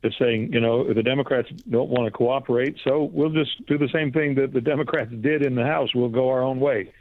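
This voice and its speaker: A male correspondent giving a news report down the line, relaxed and rambling with fillers. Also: medium pitch. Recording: tinny phone line.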